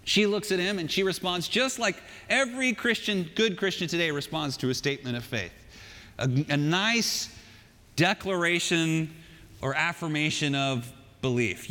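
A male pastor preaches in a chatty, animated way, slipping in joking asides as he tells the story. His voice sits a little high with a bright, forceful edge. The sound carries a long reverb from the church sanctuary. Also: moderate pace. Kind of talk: sermon.

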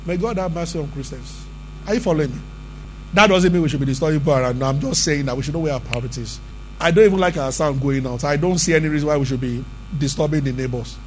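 A man's voice: a little high, fast talker, a little hiss or hum. A man preaching a sermon as pastor, emphatic and conversational, often asking the congregation questions.

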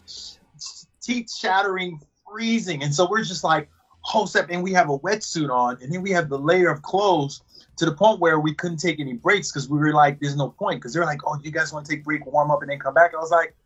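A man with a husky, slightly high voice recounts his time on set in a casual interview. He is an animated storyteller who laughs often. The recording sounds dull and lo-fi. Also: a little fast. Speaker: actor.

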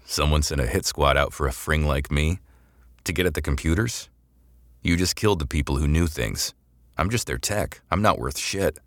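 A man's voice: a bass voice, moderate pace, no room sound, studio quality. A man voicing a bloodied, defiant male hacker held captive, talking in a sullen and dismissive way.

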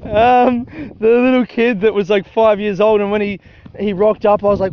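A man's voice: high-pitched, huge pitch swings, unhurried. A young Australian man chatting casually while walking along a grassy rural track, swearing often and laughing at his own jokes. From South Australia. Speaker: vlogger. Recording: dull lo-fi audio with faint noise.

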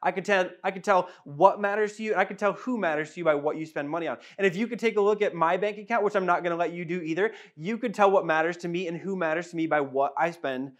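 A man's voice: sits high, quick pace, hardly any pauses. A male pastor delivering a sermon, repeating key phrases for emphasis and restarting his sentences as he goes. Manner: repetitive, emphatic preaching with restarts.

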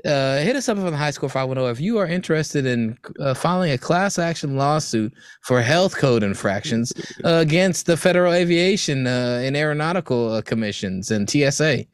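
A man's voice: on the high side, lively intonation, normal speed, few pauses, clear, resonant tone, dry recording. A man co-hosting a podcast, bantering loosely with profanity and frequent laughter. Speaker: podcast co-host. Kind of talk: casual chat.

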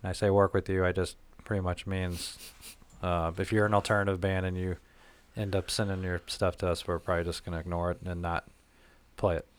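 A man's voice: sits low, level tone, brisk, clear, resonant tone. A man hosting a podcast in casual chat, laid-back and swearing freely. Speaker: podcast host.

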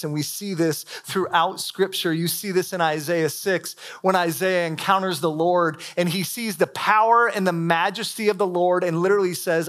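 A young adult man preaching a sermon to a live audience in a church hall, casual and animated, with frequent filler words. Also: a little high.

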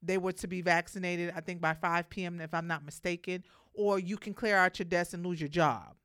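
A woman's voice: fairly low pitch, fairly even intonation, fairly quick, fairly bright tone, clean tone, dry recording, studio quality. A woman from Brooklyn with a New York accent hosting her own podcast, talking in a blunt, outspoken, casual monologue and swearing freely. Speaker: podcast host.

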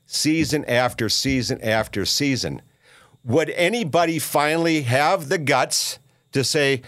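A man's voice: medium pitch, lively intonation, a bit bright, no room sound. Guy from minneapolis ranting on his podcast, lots of uh's and restarts, scornful, dry close sound. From Minneapolis, USA. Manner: halting, rambling, many filler sounds and restarts; scornful, combative. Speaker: podcast host. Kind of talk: solo rant monologue.

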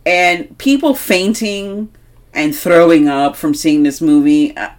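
A woman's voice: low voice, slow pace. A young woman co-hosting a horror movie podcast, talking emphatically and swearing a lot in casual chat. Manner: animated, heavy swearing, emphatic. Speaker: podcast co-host.

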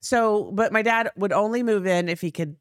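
A woman's voice: medium pitch, moderate pace, clean tone, dry recording, clean studio sound. A middle-aged woman co-hosting a podcast, talking matter-of-factly in casual chat and often setting the record straight. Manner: correcting, matter-of-fact. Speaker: podcast co-host.

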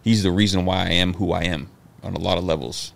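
His voice sits low with some vocal fry, and he talks fast. He's a middle-aged man guesting on a podcast for a casual storytelling interview, lively and foul-mouthed, acting out the quotes in his anecdotes.

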